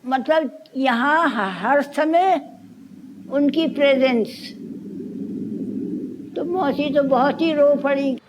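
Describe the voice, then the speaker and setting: A woman fondly recounting a story in a brisk manner. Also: high voice, background noise. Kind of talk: anecdotal storytelling.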